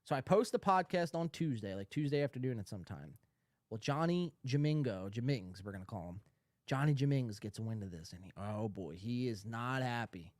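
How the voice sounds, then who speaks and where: A podcast host delivers ranting commentary in an animated, mid-range voice at normal speed, sarcastic, profane and rambling. The recording is studio quality with no room sound.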